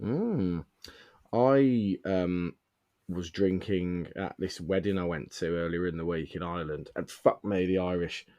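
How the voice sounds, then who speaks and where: Low-voiced swearing storyteller man. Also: unhurried, mellow, no room sound, dull audio. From England. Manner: rambling storyteller, swears freely. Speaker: podcast host. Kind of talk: casual chat.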